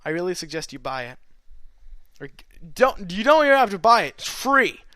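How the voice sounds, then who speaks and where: A man's voice: high-pitched, sing-song, brisk, bright, forceful tone, no room sound. A young man, an audiobook reader, chatting casually in a meandering author's note full of fillers and restarts.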